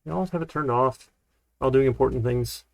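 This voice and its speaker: A man teaches a programming class over a live stream, chatting loosely with plenty of fillers. His voice sits at a middle pitch with a gravelly texture. The sound is close and dry, from a desk microphone in a small room. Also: a little fast, no echo. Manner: relaxed, rambling, lots of fillers. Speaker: college programming instructor. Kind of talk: casual live-streamed lecture.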